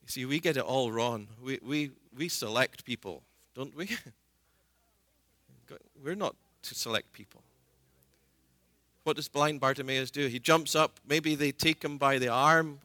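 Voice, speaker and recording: A man's voice: mid-range voice, unhurried, bright, forceful tone, dry recording. A man preaching a sermon in an earnest way, retelling scripture scenes and voicing the people in them.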